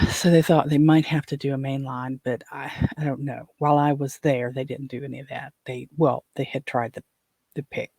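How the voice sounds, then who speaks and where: A man's voice: medium pitch, vocal fry, a little mellow, breathy edge, no echo. An older man hosting his own show, telling a personal story in a rambling way, with frequent restarts and fillers. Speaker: podcast host.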